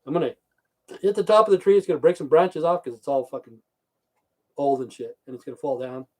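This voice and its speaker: A middle-aged man rambles through stories on a casual livestream, swearing constantly and reading out the names of chat viewers. His voice is a little high and dark-toned, and he talks quickly.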